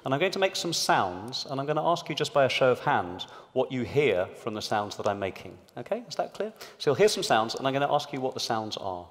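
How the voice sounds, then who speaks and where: Guy talking to a big hall crowd, really lively voice, echoey reverb, explaining stuff. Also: mid-range voice, brisk, hardly any pauses. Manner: lively, explanatory, addressing a live audience. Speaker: panelist. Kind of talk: public talk at a debate event. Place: large hall. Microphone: amplified stage microphone.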